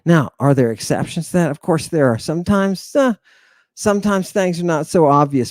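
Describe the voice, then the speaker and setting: A man's voice: fairly high pitch, normal speed, no echo. A man teaching an Ancient Greek lesson in a theatrical, teasing drill-sergeant manner. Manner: animated, teasing.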